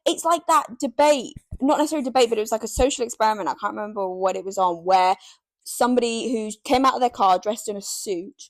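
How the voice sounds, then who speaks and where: A woman's voice: a little high, fast talker, no room sound. A young woman co-hosting a podcast in casual chat, rambling with lots of "like" and frequent swearing. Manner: rambling, heavy on "like", swears freely. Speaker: podcast co-host.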